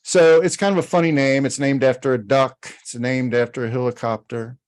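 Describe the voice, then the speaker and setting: A man's voice: medium pitch, fairly even intonation, brisk. Easygoing man rambling through a story. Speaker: podcast host. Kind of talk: casual podcast chat.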